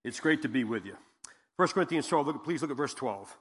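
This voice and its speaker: A man preaching as a guest pastor, folksy and chatty as he tells a story and reads scripture. He keeps asking his listeners questions. His voice sits at an ordinary middle pitch, and a long reverb from the church hall trails behind it. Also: lively intonation, fairly quick, a bit bright, breathy edge. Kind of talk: sermon with joke and scripture reading. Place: church sanctuary.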